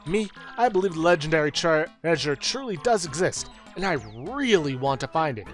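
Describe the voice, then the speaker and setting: A man's voice: fairly high pitch, sing-song, moderate pace, faint music behind. A man voicing an eager young female student character. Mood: chipper.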